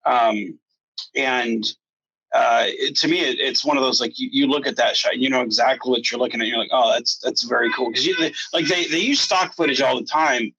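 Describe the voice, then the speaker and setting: A man interviewing a guest, talking haltingly with many restarts. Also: mid-range voice, bright, forceful tone, husky, dry recording. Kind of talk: casual interview chat. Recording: dry, dull lo-fi mic.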